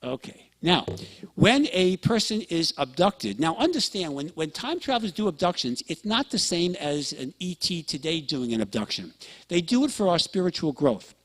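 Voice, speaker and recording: A man's voice: on the high side, big pitch swings, normal speed. A man giving a lecture to an audience, telling stories and often checking in with listeners. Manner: storytelling, acts out quoted dialogue; addresses listeners with frequent check-ins.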